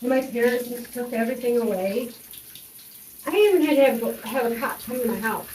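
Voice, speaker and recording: A woman's voice: fairly high pitch, fairly quick, a little mellow, distant mic, slight background noise. A young woman telling a personal story in a rambling way, with many fillers and restarts. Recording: echoey room, voice off-mic, faint running water.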